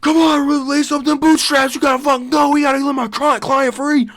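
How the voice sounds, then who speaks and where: A man putting on a corny, pumped-up male fighter acting as a defense lawyer, yelling a pep talk. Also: very high-pitched, fairly even intonation, brisk, pitched above the performer's own voice. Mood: hyped.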